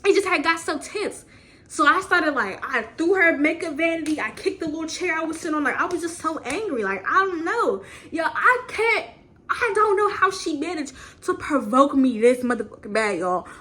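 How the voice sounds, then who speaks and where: A young woman telling a story casually at home, animated and profane, repeating phrases for emphasis. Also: high voice, normal speed. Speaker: vlogger. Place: home, indoors.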